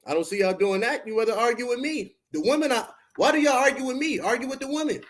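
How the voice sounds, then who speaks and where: Confrontational, high-voiced podcast host. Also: male voice, fast talker. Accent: Baltimore. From Baltimore. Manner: confrontational, profane, preachy street talk. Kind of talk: heated livestream rant at chat.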